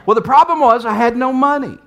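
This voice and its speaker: A man's voice: very high voice, a little fast, fairly bright tone. A man preaching a sermon as a pastor, telling a personal story with earnest, emphatic repetition.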